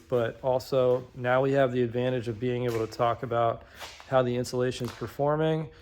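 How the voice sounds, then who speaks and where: A man casually walking through his own barn insulation project, talking in a relaxed, rambling way with frequent ums and restarts. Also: medium pitch, slight background noise. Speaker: DIY vlogger. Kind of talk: casual walkthrough narration. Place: pole barn workshop.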